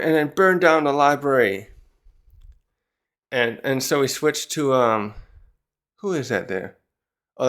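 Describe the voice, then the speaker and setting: A man's voice: mid-range voice, a bit bright. Rambling man recapping a comic chapter. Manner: rambling, thinking aloud as he recaps. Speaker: manga chapter reviewer, channel host. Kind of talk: casual commentary.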